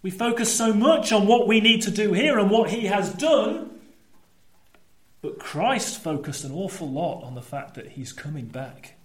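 Animated high-voiced male preacher in echoey church. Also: a little slow. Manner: animated, swings between lively storytelling and low emphatic asides. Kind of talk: sermon.

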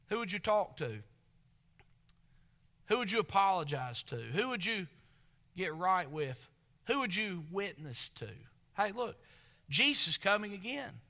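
A man preaching a sermon as pastor, reading scripture aloud and then explaining it with rhetorical questions, swinging between soft reflective lines and loud emphatic points. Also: high-pitched.

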